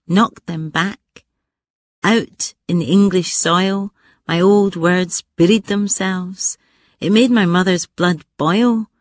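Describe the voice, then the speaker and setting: A woman from Scotland reciting a poem in a measured, rhythmic way, lingering on words. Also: medium pitch, dry recording, clean studio sound. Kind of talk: poetry recitation.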